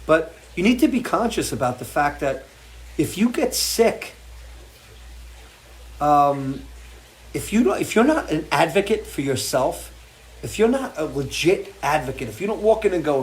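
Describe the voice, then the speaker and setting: A middle-aged man hosts a live show from his porch, with a voice that sits slightly high. He talks bluntly and swears a lot. His emotional rant keeps pushing forward. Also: sing-song, moderate pace. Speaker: show host. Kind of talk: impassioned live-stream rant. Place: porch, outdoors.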